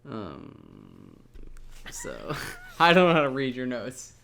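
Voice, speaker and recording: A young man on a podcast, throwing in quick, profane jokes and interjections. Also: mid-range voice, sing-song, creaky, bright, forceful tone. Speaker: podcast co-host. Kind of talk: casual chat.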